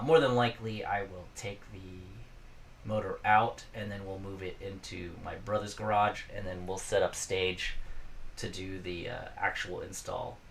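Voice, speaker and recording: A man's voice: deep voice, creaky, a bit bright, distant mic, slight background noise. A man casually hosting a live stream, rambling and chatting with viewers from his garage workshop.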